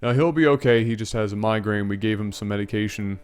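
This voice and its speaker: Man playing a calm nurse, quiet and matter-of-fact, in a slightly lower voice. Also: quick pace, smooth, natural voice. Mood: reassuring.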